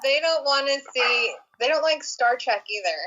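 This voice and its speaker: Female streamer, middle-aged mom, bright animated voice, hesitant, laughing. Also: high-pitched, moderate pace, highs cut off, a little hiss or hum. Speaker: fellow streamer. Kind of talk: casual chat on a group stream.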